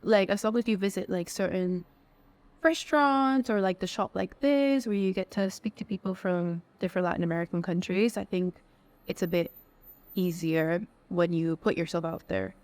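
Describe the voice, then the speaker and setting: Young woman, kinda low voice, says like a lot, relaxed answers. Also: normal speed. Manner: casual, many "like" fillers. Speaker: interviewee. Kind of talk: street interview answers.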